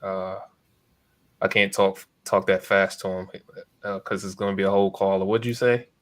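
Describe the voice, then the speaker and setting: A man co-hosting a casual podcast chat, speaking in a relaxed way with frequent hesitations; English is not his first language. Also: low voice. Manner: relaxed, speaks slowly and evenly, many "uh" fillers. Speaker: co-host, real estate investor.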